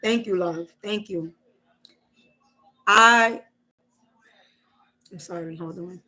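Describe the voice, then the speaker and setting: A woman's voice: fairly low pitch, takes it slowly, pushed and bright, rough recording. A woman hosting a casual live stream, talking emotionally and candidly and swearing freely.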